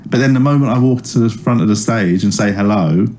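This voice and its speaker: Low-voiced man telling a rambling story. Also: fairly quick, a little mellow, a little hiss or hum. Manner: rambling storyteller with many fillers and restarts. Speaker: comedian guest. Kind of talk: casual anecdotal chat.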